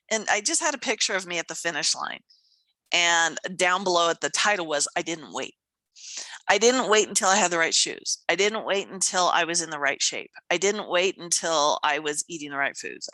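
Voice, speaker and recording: Podcast lady telling a story, swoops all over in pitch, bright voice, dry close sound. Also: no echo. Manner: animated storytelling, acts out voices, laughs often. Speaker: podcast co-host and coach. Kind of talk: casual chat.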